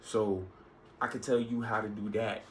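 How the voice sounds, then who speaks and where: A man vlogs a casual opinion monologue, venting and rambling with many restarts and asides. His voice is lowish and level at a moderate pace, on a rough recording with faint background noise.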